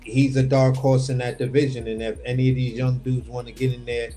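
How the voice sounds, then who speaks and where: A man's voice: mid-range voice, little pitch movement, fairly quick, mellow, faint music behind. A man hosting a casual boxing talk over a remote livestream call, laid-back and rambling, swearing offhand. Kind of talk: casual chat.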